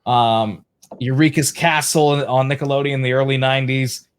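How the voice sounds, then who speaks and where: A man's voice: mid-range voice, steady tone, normal speed, smooth. A man co-hosting a casual show chat, enthusiastically plugging upcoming episodes. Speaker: co-host.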